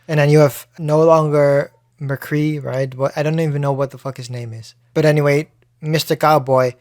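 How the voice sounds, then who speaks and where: A man's voice: fairly high pitch, fairly even intonation, moderate pace, no echo, clean studio sound. A man hosting a solo podcast in casual chat, talking loosely with plenty of swearing and restarts. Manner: loose and profane, frequent restarts. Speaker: podcast host.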